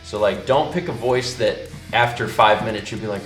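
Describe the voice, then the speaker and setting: A man's voice: lowish voice, moderate pace, roomy sound, over music. A man hosting a stream, chatting casually and reading out game rules in an easygoing, patient way.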